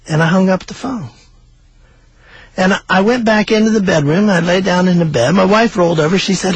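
Older male storyteller with a husky, high voice. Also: moderate pace, dry recording, low-quality recording. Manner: folksy, animated, acts out the dialogue. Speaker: storyteller, author. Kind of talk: oral storytelling.

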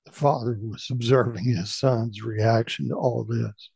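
Middle-aged man, radio storytelling host, gravelly, mellow, dry close sound. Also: mid-range voice, steady tone, unhurried, few pauses, dry recording. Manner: folksy, conversational storyteller.

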